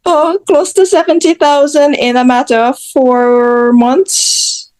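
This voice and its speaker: A woman's voice: high-pitched, steady tone, takes it slowly, darkish tone. A woman from Jamaica, a social media creator being interviewed, speaking bluntly with self-mocking asides and acted-out quotes. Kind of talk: candid storytelling in interview.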